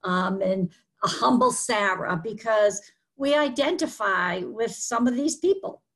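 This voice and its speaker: A woman's voice: medium pitch, a little slow, fairly bright tone. A woman with a Boston accent, an author being interviewed, explaining earnestly with many fillers. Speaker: author guest. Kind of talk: interview conversation.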